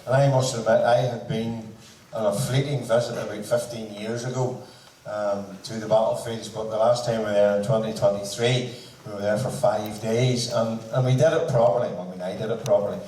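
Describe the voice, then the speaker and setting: A man's voice: lowish voice, steady tone, a little fast, dark tone. Man telling a story in an echoey hall. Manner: joking, anecdotal, quotes others in dialogue. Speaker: band member speaking at a concert. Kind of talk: storytelling speech to an audience. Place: large hall, speaking to a seated crowd. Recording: echoey hall from far off, faint noise.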